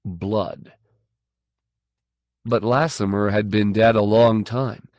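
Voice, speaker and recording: Man, audiobook narrator, measured delivery, slow, dry close sound. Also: fairly low pitch, steady tone, darkish tone, dry recording. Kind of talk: scripted narration.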